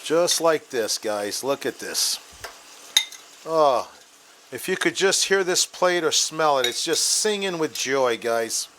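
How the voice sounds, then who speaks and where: A man's voice: mid-range voice, lively intonation, takes it slowly, background noise. A man hosting a home cooking show, walking viewers through a recipe and telling a restaurant story with enthusiasm. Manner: enthusiastic, addresses viewers as guys. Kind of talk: cooking demonstration and anecdote.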